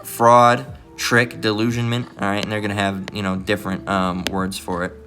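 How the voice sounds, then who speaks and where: A man's voice: on the low side, level tone, moderate pace, music in the background. A man preaching, reading archaic scripture aloud with stumbles and rereads, then breaking in with blunt asides that he caps with "all right?". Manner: peppers remarks with "all right?". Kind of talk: Bible reading with commentary.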